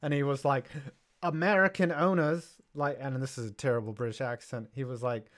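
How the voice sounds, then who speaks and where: A man's voice: mid-range voice, steady tone, fast talker. A young man co-hosting a sports podcast, casual and sarcastic, reading viewer messages aloud. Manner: jokey, sarcastic, reads viewer chats aloud. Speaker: podcast co-host.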